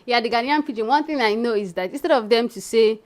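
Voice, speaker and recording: A woman's voice: on the high side, quick pace. A young woman from Nigeria hosting her vlog, chatting casually to viewers she calls besties. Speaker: vlogger host. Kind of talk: casual chat.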